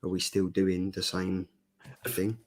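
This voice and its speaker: A man's voice: deep voice, monotone, slow, a little mellow. Man hosting a comics chat. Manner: reads viewer comments aloud, laughs easily. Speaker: host. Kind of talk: casual comic review chat.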